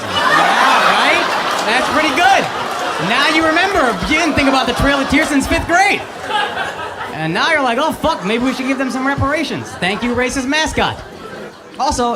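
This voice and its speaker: A brash stand-up comic with a high, lively voice that swings all over as he rants and shouts punchlines. He's a man in his thirties working a live stage, and a big audience keeps roaring with laughter behind him. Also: heavy background noise. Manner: brash, profane, animated delivery with shouted punchlines. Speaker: stand-up comedian. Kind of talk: stand-up comedy set. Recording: live club recording with loud crowd. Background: loud audience laughter.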